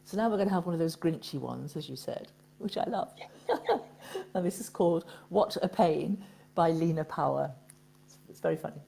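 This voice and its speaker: A woman with an English Midlands accent, from Nottingham, co-hosting a chat show and reading poems in a soft, measured way. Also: lowish voice, animated, vocal fry, breathy edge. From Nottingham, England. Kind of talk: radio-style chat and poetry reading.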